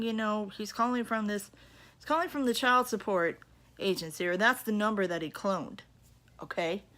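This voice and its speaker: A woman's voice: on the high side, a bit bright. A woman vlogging from her apartment, telling a story to her viewers in a chatty, indignant way. She keeps checking in with them by asking "okay?" and "you know?". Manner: indignant, emphatic retelling. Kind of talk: casual storytelling to camera.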